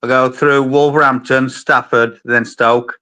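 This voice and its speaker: A man's voice: mid-range voice, level tone, measured pace, sharp tone. An English man in a casual online chat, conversational and teasing. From England.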